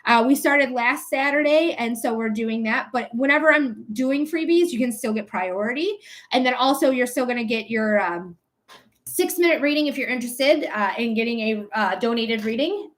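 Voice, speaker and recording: Woman, high voice, casual livestream psychic host, affectionate, rambly. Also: moderate pace. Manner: affectionate toward viewers, calls them my love; rambling, with many fillers and restarts.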